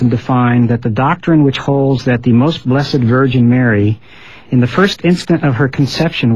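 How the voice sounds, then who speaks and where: A man hosting a faith discussion, measured and reading quotes aloud. His voice is a little husky, and the recording is dry and slightly muffled. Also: mid-range voice, a little mellow, no echo. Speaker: host. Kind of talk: interview-style discussion, reading quotations.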